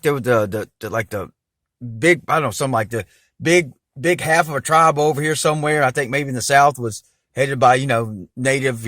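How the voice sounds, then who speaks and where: A man's voice: a little high, a bit bright, no echo, clean studio sound. A man talking straight to camera in a rambling monologue, full of fillers and restarts.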